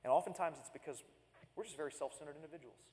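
A man preaching with measured, repeated emphasis. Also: fairly high pitch, a little mellow, in a large hall. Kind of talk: sermon.

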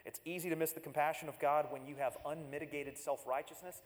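Male co-pastor, steady mid-range voice, hall echo. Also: mid-range voice. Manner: measured, repetitive emphasis. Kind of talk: sermon.

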